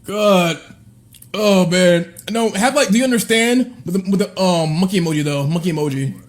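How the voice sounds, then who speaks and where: A man's voice: high voice, moderate pace. A man livestreaming a reaction, laughing helplessly, repeating himself and calling out to his chat. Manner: addresses chat directly. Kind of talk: live stream reaction.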